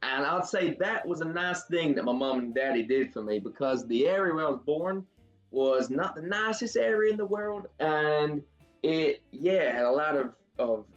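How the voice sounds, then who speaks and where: An English actor putting on a Southern US Texas accent while answering a question, hesitant and thinking aloud with many fillers. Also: male voice, on the high side, animated, normal speed, muffled recording, soft background music, pitched above the performer's own voice, lightly acted. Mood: thoughtful. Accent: Southern US, Texas style, put on.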